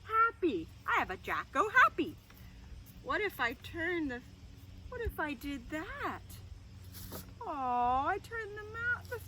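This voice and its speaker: A woman with a high, wildly lively voice leads a children's lesson, talking slowly and in a sing-song way to kids and goats. She is recorded outdoors in a goat yard, with steady noise and animal sounds behind her. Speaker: children's librarian.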